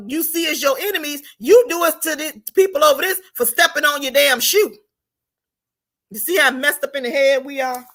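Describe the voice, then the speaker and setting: A woman giving an unscripted political commentary monologue, emphatic and preachy, firing rhetorical questions at her viewers and rising to shouts on key points. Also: high voice.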